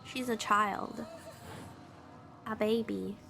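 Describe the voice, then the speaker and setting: A woman's voice: medium pitch, fairly even intonation, very slow, creaky, bright, forceful tone. A young adult woman streaming a story game, chatting playfully and dramatically with her viewers. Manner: playful, dramatic, teasing with chat.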